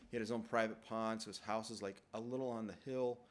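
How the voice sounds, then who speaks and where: A man's voice: fairly low pitch, steady tone, quick pace. A man in his thirties casually telling rambling, profane stories from his childhood in a self-deprecating way. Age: 30s. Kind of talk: casual storytelling monologue.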